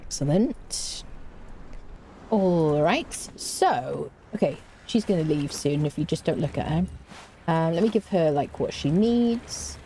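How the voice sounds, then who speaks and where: Game streamer: woman, lowish mellow voice, chatty, self-deprecating. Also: animated, a little slow, slight background noise. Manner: chatty and self-mocking, hums to herself. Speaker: streamer playing a survival game. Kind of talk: casual gameplay commentary.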